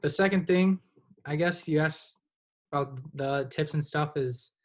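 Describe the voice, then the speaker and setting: A man's voice: fairly high pitch, measured pace. A young man in his twenties, a hockey goaltender, talking casually in a podcast interview and filling his sentences with "you know". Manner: relaxed, rambling, heavy use of "you know". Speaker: guest, college hockey goaltender.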